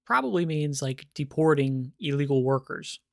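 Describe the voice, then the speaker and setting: A woman's voice: low voice, lively intonation, moderate pace, gravelly, no room sound, studio quality. A woman co-hosting a casual political chat, blunt and argumentative. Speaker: co-host.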